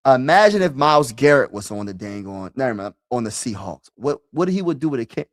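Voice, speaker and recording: Animated young man chatting sports. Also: mid-range voice, brisk, no echo, clean studio sound. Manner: animated, slangy, says bro a lot, shouts and laughs. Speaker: sports streamer. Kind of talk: casual live-stream sports chat.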